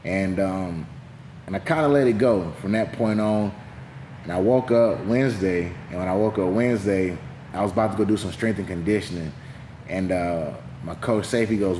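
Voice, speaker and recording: A man's voice: low-pitched, moderate pace, warm tone, slight background noise. A man, a heavyweight fighter, telling his story in an interview in a loose, rambling way with lots of fillers and quoted dialogue. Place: gym. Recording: echoey room.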